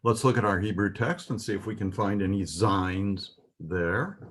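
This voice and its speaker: A man's voice: on the low side, normal speed, husky. A man teaching a Hebrew alphabet lesson, patiently explaining and pointing out letters.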